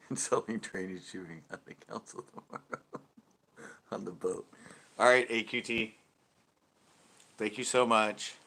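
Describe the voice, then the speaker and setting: A man's voice: on the low side, takes it slowly, vocal fry, long pauses, pushed and bright. A man hosting a casual live stream from home, chatting with viewers and laughing often between remarks. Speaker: host of a live after-show stream.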